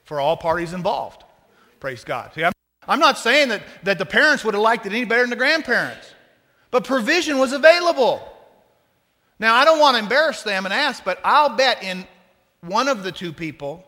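A man preaching a sermon as pastor, talking to the congregation in a conversational, joking way with lively asides. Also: high-pitched, normal speed, big-room sound.

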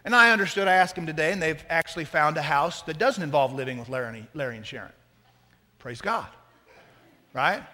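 A man preaching a sermon as pastor, talking to the congregation in a conversational, joking way with lively asides. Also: a little high, brisk, big-room sound.

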